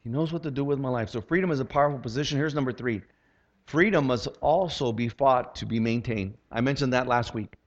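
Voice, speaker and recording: With a medium-pitched voice and a slightly quick delivery, a man in his sixties preaches as a pastor, keeping it conversational and humorous with rhetorical questions. The audio is lo-fi and dull.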